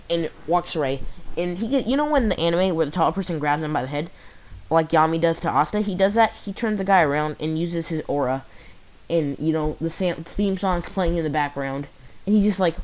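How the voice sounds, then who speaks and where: A man casually retelling a fan story, rambling and halting, full of fillers and restarts. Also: on the high side, darkish tone, low-quality recording. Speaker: channel host.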